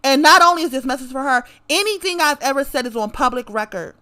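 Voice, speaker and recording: A woman's voice: high-pitched, fast talker, bright, forceful tone. A woman delivering a profane, confrontational rant straight to camera, repeating her lines for emphasis. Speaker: vlogger.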